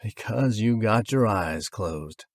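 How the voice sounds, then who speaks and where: A man's voice: fairly low pitch, animated, takes it slowly, no room sound, clean studio sound, full character voice. A man voicing a folksy, easygoing old male ghost who drawls and chuckles as he talks. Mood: amused.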